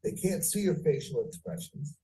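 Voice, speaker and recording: A man teaching phone sales, speaking deliberately and varying pitch and pace for effect. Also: expressive, mellow, recorded from a distance, poor audio. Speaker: sales trainer. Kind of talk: training lecture.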